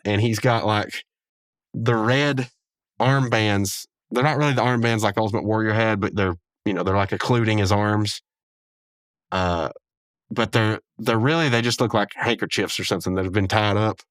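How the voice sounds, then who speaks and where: A man's voice: lowish voice, fairly bright tone, dry recording, studio quality. A man hosting a podcast, recapping an episode in a rambling, chuckling way with many asides. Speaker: podcast host.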